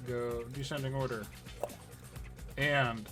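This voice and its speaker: A man's voice: medium pitch, takes it slowly, long pauses, a bit bright, faint music behind. A man running a tabletop game as dungeon master, playful, with dramatic outbursts.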